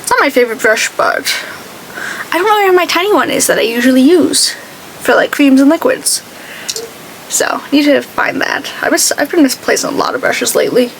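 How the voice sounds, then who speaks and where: Rich: A woman with a fairly high, gravelly voice talks casually while doing her makeup at home. She tells stories in a chatty, animated way and acts out the people in them, with faint hiss behind her. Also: normal speed, low-quality recording. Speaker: beauty vlogger.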